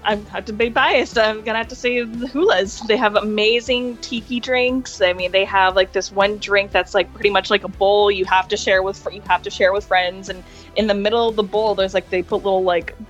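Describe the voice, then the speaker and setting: A woman guest in a casual interview, telling lively stories, laughing often and acting out voices. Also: mid-range voice, fairly quick, muffled recording, soft background music. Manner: animated, laughs often, acts out quoted voices. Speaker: interview guest, hotel hospitality worker.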